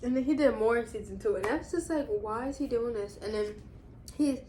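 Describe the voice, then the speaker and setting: A woman in her twenties, a vlogger casually chatting and rambling through a recap with quick asides. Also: fairly high pitch, warm tone, a little hiss or hum. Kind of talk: casual chat.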